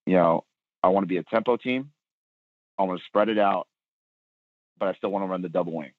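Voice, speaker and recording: Deep-voiced man on a tinny phone line. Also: a little fast, no room sound. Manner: hedging, many fillers like "you know". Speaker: football coach. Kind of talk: casual conversation.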